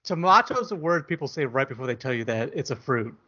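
A man's voice: mid-range voice, expressive, fast, bright, forceful tone. A man co-hosting a podcast, chatting casually in a rambling, joking way. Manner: rambling, self-deprecating, jokey. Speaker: podcast co-host. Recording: dull lo-fi audio.

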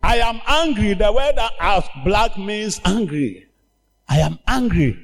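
A man preaching a sermon as pastor, emphatic and slow, breaking into shouted commands for healing. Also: high-pitched, lively intonation, creaky, in a large hall.

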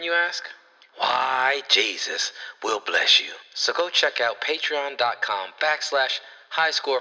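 A man reading a podcast promo in a put-on sultry voice, playful and tongue-in-cheek. His tone is very bright and forceful. A long reverb trails behind him. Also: on the low side.

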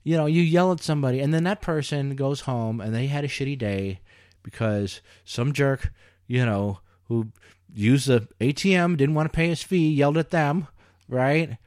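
A man's voice: mid-range voice, normal speed, no echo, clean studio sound. A man in casual chat, telling stories animatedly and swearing freely. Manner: animated storyteller, acts out quoted voices, swears freely.

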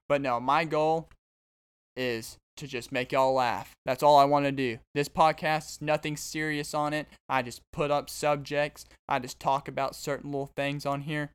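A man's voice: medium pitch, flat delivery, normal speed, clean tone. A man hosting his own podcast as a stand-up comedian, rambling and joking straight to his listeners. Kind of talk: casual comedic monologue.

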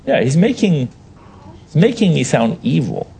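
A man's voice: on the high side, moderate pace, vocal fry, a little hiss or hum. A man teaching a Bible class, explaining verses with emphasis and putting questions to his listeners. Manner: animated, emphatic, asks the audience questions.

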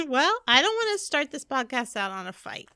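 A woman's voice: high voice, sing-song, moderate pace, pushed and bright, dry recording, studio quality. A woman co-hosting a podcast in casual chat, rambling a little and laughing as she hunts for words. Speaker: podcast co-host, energy healer.

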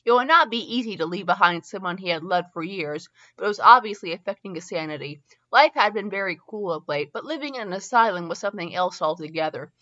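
Bright-voiced woman reading a story aloud. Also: medium pitch, lively intonation, fast talker, dull audio. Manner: stumbles and restarts on words, laughs at herself. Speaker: podcast host reading fanfiction aloud.

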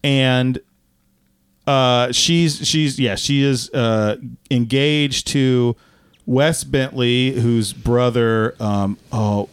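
A man co-hosting a podcast, chatting casually about a movie in a rambling, tangential, animated way. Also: medium pitch, drawn-out words, smooth, no room sound, clean studio sound. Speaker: podcast co-host.

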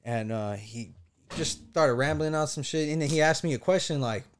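Animated story-telling man, swears freely. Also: on the high side, moderate pace, slight background noise. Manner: animated storytelling, acting out what people said, swearing. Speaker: podcast co-host. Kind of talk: casual chat.

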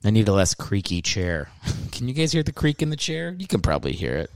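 A man's voice: lowish voice, sing-song, brisk, a little mellow, no echo, studio quality. A man hosting his own podcast, rambling and joking about himself in a casual solo monologue, with some swearing. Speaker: podcast host and comedian. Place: indoors, seated on a creaky chair.

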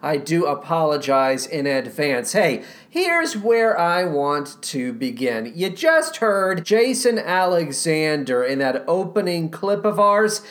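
A woman hosting a podcast in a playful, animated way, with a slightly scratchy voice. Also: low voice, takes it slowly, few pauses. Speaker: podcast host. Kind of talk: casual podcast chat.

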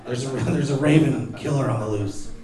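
A man's voice: medium pitch, moderate pace. A man co-hosting, answering a comic hypothetical with playful, eager replies. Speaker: podcast co-host. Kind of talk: casual comedic chat. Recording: echoey room, distant mic, faint noise.

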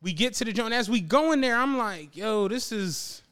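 A man co-hosting a podcast who tells a long story in casual chat, profane and animated, laughing often and acting out what people said. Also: extremely high pitch, brisk, smooth. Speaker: podcast co-host.

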